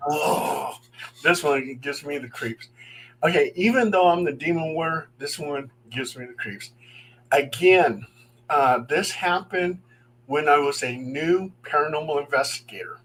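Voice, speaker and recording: A middle-aged man, a paranormal investigator, telling ghost stories in a casual, animated way and acting out the voices in them. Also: a little high, a little slow, rough recording. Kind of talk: casual storytelling on a talk show.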